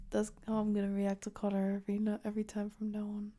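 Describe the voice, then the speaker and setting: Brief: young woman streamer, playful hushed chat, mellow dark tone. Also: mid-range voice, monotone, fairly quick. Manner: playful, teasing, laughs often. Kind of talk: casual chat, often whispered.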